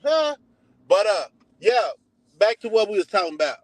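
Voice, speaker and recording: A man's voice: sits high, big pitch swings, moderate pace, no room sound, poor audio. Chatty Texan man, dry close sound. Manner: loose, chatty, slangy, drifting between topics. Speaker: livestream host. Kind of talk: casual rambling livestream chat. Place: in a car at a donut shop drive-thru.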